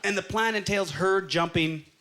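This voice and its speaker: Bright, high-voiced man doing stand-up. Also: normal speed, some chatter behind, a little hiss or hum. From Canada. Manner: storytelling, acting out quoted voices. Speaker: stand-up comedian. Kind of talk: stand-up comedy set. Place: comedy club stage. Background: audience laughter.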